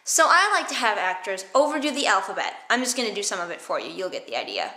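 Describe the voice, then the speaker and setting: A woman teaching theatre vocal warmups in a playful, silly way, exaggerating her mouth movements. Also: medium pitch, sing-song, fast talker. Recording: echoey room.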